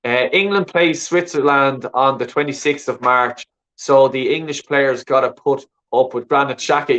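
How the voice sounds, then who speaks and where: A man's voice: medium pitch, moderate pace, fairly bright tone, lo-fi sound. An Irish man chatting casually on a call-in show, talking in an emphatic, insistent way. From Ireland.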